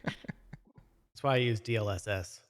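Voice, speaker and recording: A man's voice: fairly low pitch, slow. Joking man co-hosting a gaming podcast. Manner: joking, laughs a lot. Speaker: podcast co-host. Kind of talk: casual chat.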